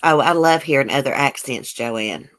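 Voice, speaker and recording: A woman's voice: very deep voice, moderate pace, a bit bright. A woman with a Southern US country accent hosting a casual livestream, answering viewer comments in a blunt, outspoken way and swearing freely. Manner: folksy country speech with drawled phrases. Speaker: YouTube livestream host. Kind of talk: casual live chat reading viewer comments.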